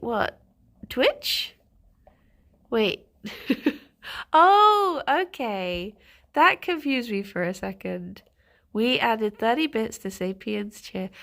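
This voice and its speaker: Congested woman streamer, slow and gravelly. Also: fairly high pitch, very animated, fairly bright tone. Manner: reads out chat messages and laughs often. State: congested, bunged up with a cold. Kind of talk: casual live-stream chat.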